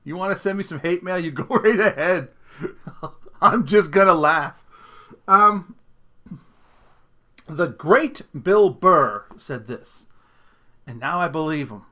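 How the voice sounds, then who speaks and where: Brief: middle-aged male podcast host, bright bouncy voice, sarcastic, laughs a lot mid-rant. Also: on the high side, lively intonation, takes it slowly, pauses often. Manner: laughs often between sentences; sarcastic, mocking tone. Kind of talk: comedic solo rant.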